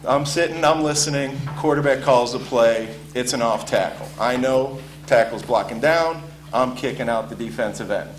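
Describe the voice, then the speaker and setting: Guy spinning a football yarn, lots of ums, mid pitch, echoey room with a soft hum. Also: moderate pace, hardly any pauses. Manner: casual storytelling with frequent ums and uhs. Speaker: former college football player telling a story. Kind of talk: spoken anecdote to an audience.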